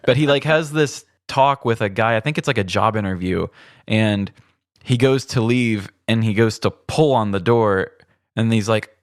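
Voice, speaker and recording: Male podcast co-host, lowish pitch, relaxed chatty delivery, acts out quotes. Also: normal speed, dry recording, studio quality. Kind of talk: casual chat, retelling a story.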